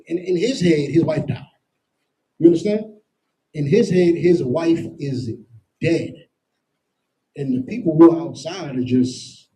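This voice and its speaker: A man's voice: on the high side, a little slow, long pauses, mellow, rough recording. A man teaching a Bible lesson in plain street talk, emphatic and constantly checking in with "you understand?". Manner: explains with everyday comparisons and slang. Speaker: scripture teacher.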